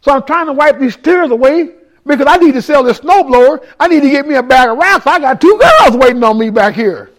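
High-voiced man preaching an emotional testimony. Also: animated, brisk. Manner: raw, emotional storytelling with a street-casual delivery, rising to shouts; addresses listeners directly in the room. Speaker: ministry speaker giving testimony. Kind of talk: testimony sermon to a congregation.

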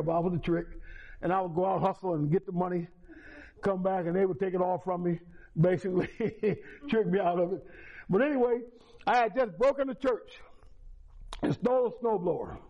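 A man telling his own life story as a testimony at a meeting, folksy and repetitive, with chuckles. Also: high voice. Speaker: recovery meeting speaker. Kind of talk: personal testimony. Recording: dull lo-fi recording.

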